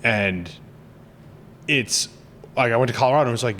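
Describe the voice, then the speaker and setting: A man's voice: mid-range voice, moderate pace, fairly bright tone, a little hiss or hum. A man from New Jersey hosting a podcast, rambling and jokey, restarting his sentences often. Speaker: podcast host. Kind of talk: casual podcast chat.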